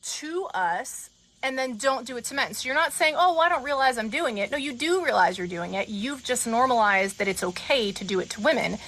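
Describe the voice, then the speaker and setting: A young woman in casual chat, a blunt and animated storyteller. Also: on the high side, a little fast, slight background noise. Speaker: podcast guest.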